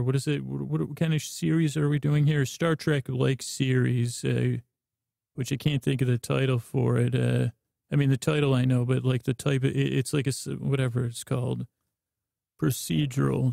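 A man meanders through a bedtime podcast monologue, trailing off and restarting with deadpan nonsense. His voice is heavily gravelly and mellow, the pitch flat. It sounds dry and close, with no room around it. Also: no echo. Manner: slow drawl. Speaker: podcast host.

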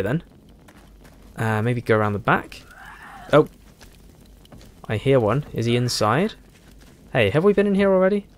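A man giving casual let's play commentary, thinking aloud and chuckling, with a hoarse voice and a frog in his throat. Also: medium pitch, a little hiss or hum. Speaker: game streamer.

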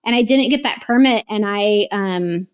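A woman in her late thirties, a podcast guest telling a personal story in an animated, chatty way and acting out her own past words. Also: mid-range voice, normal speed, smooth, muffled recording. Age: 30s. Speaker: podcast guest, real estate investor. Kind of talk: casual interview chat.

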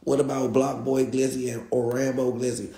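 A young man tells a street story as a guest, animated and slangy, circling back to repeat his points. His voice sits at a middling pitch. The sound carries a roomy echo. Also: moderate pace.

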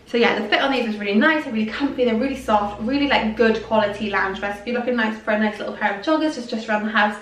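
A woman's voice: a little high, steady tone, fast talker, distant mic. Gushing woman in an echoey room. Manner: gushing, chatty, lots of "like" and "I love". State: a little out of breath. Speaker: fashion vlogger. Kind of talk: casual try-on haul chat.

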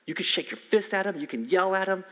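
A man in his forties preaching a conversational sermon as a pastor, swinging from loud emphasis to soft near-whispers. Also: high-pitched, animated, fast. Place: church sanctuary. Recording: long hall reverb from a church sanctuary.

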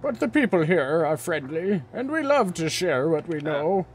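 A man's voice: fairly high pitch, very animated, moderate pace, slightly rough. A man doing a kindly old village man. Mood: friendly.

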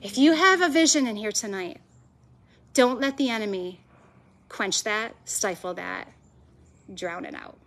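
A woman's voice: mid-range voice, measured pace, gravelly, pauses often, fairly bright tone. A woman preaching a sermon to a live audience, passionate and emphatic, stacking repeated phrases. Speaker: women's ministry speaker. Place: event venue with a live audience.

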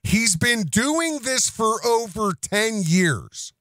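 A man's voice: high-pitched, big pitch swings, takes it slowly, few pauses, fairly bright tone, no room sound, clean studio sound. A man hosting a podcast, delivering accusatory commentary in an emphatic way, repeating himself and restarting phrases. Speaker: podcast host.

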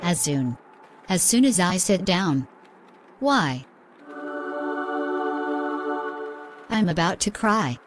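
A woman's voice: lowish voice, sing-song, slow pace, over music. A woman voicing a defiant female overseer of a crusade in an audio drama, speaking in solemn, declamatory vows. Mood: uneasy.

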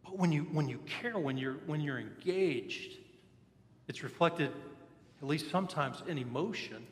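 A man's voice: on the high side, animated, a little slow. A man preaching a sermon, telling personal stories in an earnest, candid way. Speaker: pastor. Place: church sanctuary. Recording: echoey church hall.

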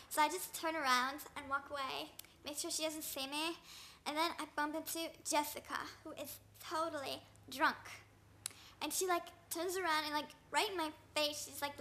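A young woman rants through gossip in full valley-girl speech, with "like" and "oh my god" in every breath. Her voice sits high, and its tone is bright and sharp. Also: a little hiss or hum. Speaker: vlogger. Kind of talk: gossipy comic rant monologue.

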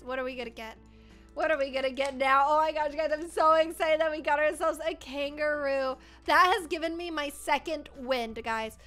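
Brief: young female gaming YouTuber, excitable casual chatter, high bright voice, light music underneath. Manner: excitable, squealing over pulls.

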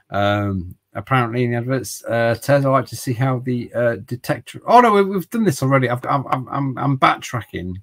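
With a medium-pitched voice on a rough recording, a middle-aged retro-game streamer keeps up casual livestream chat. He rambles, tells jokes, and keeps stumbling and restarting.

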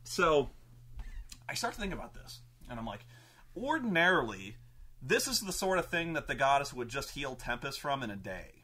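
A man, a game master, telling a tabletop campaign story in an animated, profane, casual way. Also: medium pitch, normal speed, slightly rough. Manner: animated, profane, acts out characters.

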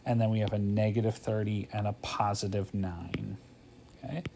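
A man's voice: on the low side, little pitch movement, moderate pace, gravelly, mellow, a little hiss or hum. A man teaching a math homework walkthrough, thinking aloud in a casual way, tired and yawning, often checking in with "okay?".

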